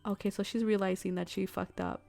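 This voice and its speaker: A woman reacts to a visual novel in emotional, gushing let's play commentary. Her voice has a noticeable fry, and soft music runs underneath. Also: mid-range voice, flat delivery, brisk.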